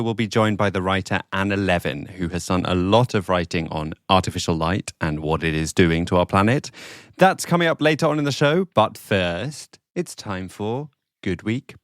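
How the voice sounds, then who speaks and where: Male podcast co-host with a lowish voice, plain explainer with easy laughs, dry booth sound. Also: no room sound. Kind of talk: casual news podcast chat.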